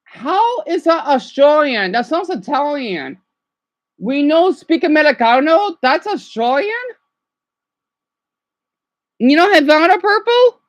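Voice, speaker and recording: A woman's voice: high-pitched, slow pace, long pauses, low-quality recording. A woman streamer chatting casually as she reacts to songs and talks to her viewers by name. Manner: excitable, talks to chat by name.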